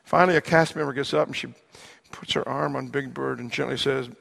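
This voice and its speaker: A man preaching a sermon, earnest and slowing down to stress his key words. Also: mid-range voice, steady tone, creaky, fairly bright tone. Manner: earnest, slows down for emphasis. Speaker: pastor.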